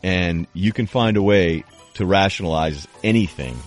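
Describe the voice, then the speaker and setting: A middle-aged man hosting a sports talk show, delivering an animated monologue and acting out quoted people in raised voices. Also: sits low, moderate pace, soft background music. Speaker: sports talk radio host.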